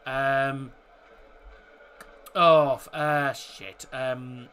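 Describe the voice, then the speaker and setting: A man's voice: mid-range voice, fairly even intonation, drawn-out words, sharp tone, smooth. A man hosting a live football watchalong, chatting casually, answering viewers' chat and talking through the match, with the odd swear word.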